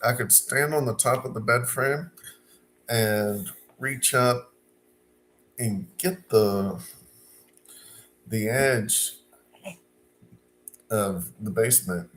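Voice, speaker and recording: A middle-aged man from Arkansas telling a personal story in a casual storytime monologue, unhurried and halting with fillers and restarts. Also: medium pitch, a bit bright, a little hiss or hum.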